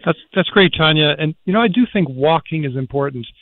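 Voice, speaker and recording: A man speaking as a priest guest on a radio talk show, earnest and reflective, with a gravelly voice. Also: on the high side, brisk, no room sound. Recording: tinny phone line.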